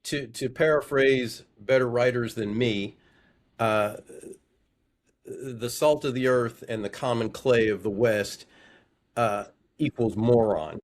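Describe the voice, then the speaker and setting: A man's voice: mid-range voice, slow. A man on a podcast giving wry, reflective comments in casual conversation. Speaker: podcast co-host.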